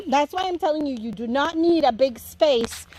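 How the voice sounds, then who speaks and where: A woman's voice: high-pitched, animated, normal speed, background noise. A woman with a Jamaican accent giving a chatty, playful tour of her home garden. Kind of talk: casual garden tour vlog.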